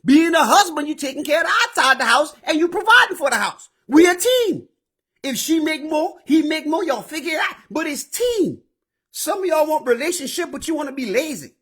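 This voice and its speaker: High bright-voiced guy ranting on his own show, cussing and yelling a lot. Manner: animated, profane, bursts into shouting. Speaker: show host. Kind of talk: ranting advice monologue.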